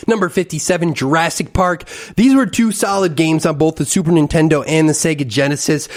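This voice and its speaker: A man's voice: on the high side, brisk, hardly any pauses. A man hosting a podcast in a casual, rambling monologue, ranting and mocking himself. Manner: animated, self-mocking ranting. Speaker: podcast host.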